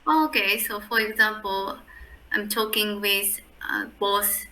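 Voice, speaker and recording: A woman's voice: medium pitch, flat delivery, slow, bright, forceful tone, low-quality recording. A native Japanese speaker, a woman practicing English in a casual chat, hesitant and full of fillers. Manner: hesitant, many fillers, short agreeing sounds.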